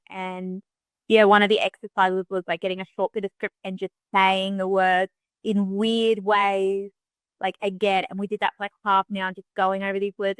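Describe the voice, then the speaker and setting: A young woman co-hosts a podcast in a mid-pitched voice. She talks in an animated way, quick to cut in with her own stories. The recording is dry and close to the mic. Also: smooth, no room sound. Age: young adult. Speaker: podcast co-host. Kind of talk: casual chat.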